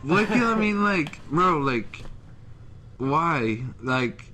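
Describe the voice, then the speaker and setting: A man's voice: on the high side, slow pace. Young man telling a workplace story. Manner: animated, acts out quotes with raised voice. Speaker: podcast co-host. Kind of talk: casual storytelling chat.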